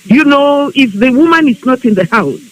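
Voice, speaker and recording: A woman making an earnest, measured appeal to fellow women, quoting proverbs. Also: sits high, expressive, low-quality recording. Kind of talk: calm appeal to a group. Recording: live online broadcast with hiss.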